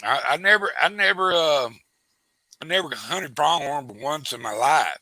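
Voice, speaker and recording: A man spins a rambling hunting tale, stumbling over restarts as he goes. His voice is bright and forward, recorded dry and close. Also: on the high side, lively intonation, normal speed, no echo, rough recording. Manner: rambling storyteller with frequent restarts, acts out quoted voices. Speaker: host. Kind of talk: casual hunting story chat.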